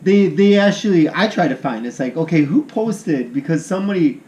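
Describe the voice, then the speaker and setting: A man's voice: fairly high pitch, expressive, normal speed, darkish tone, lo-fi sound. A man with a Rust Belt American accent, co-hosting a podcast in rambling casual chat and cracking crude jokes. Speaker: podcast co-host.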